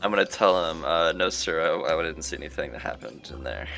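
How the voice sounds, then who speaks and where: A man's voice: extremely low pitch, lively intonation, fairly quick, vocal fry, pushed and bright. A man playing in an online tabletop game, mumbling and trailing off. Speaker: player. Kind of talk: casual game chat.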